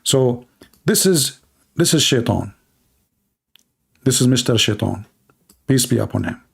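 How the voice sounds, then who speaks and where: A man's voice: mid-range voice, animated, a little slow, vocal fry, husky. A man hosting a livestream, talking in a mocking, sarcastic monologue in broken English. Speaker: livestream host. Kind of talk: satirical monologue. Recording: livestream talk to viewers.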